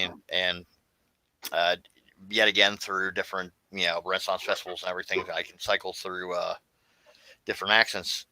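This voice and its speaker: A man's voice: low-pitched, flat delivery, brisk, sharp tone, rough recording. A man from Florida chatting casually as a guest, rambling with many fillers and restarts. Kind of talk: casual livestream chat.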